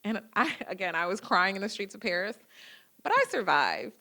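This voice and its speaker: A woman's voice: medium pitch, normal speed, gravelly. A woman in her thirties giving a public lecture, telling personal stories with acted-out dialogue. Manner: lively storytelling, acting out quoted dialogue. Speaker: guest lecturer. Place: lecture hall.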